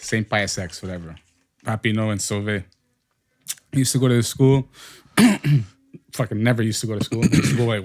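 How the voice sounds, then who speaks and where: A man on a podcast telling a high school story in casual, profane chat. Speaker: podcast host.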